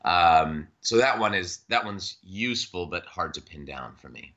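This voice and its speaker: A man with a very low voice that still rings bright and forward. He talks casually about his craft as a guest, pausing, restarting and circling back as he works out his thoughts. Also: lively intonation, lo-fi sound. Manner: thoughtful, halting with many restarts and fillers. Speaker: voice actor guest. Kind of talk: casual interview chat.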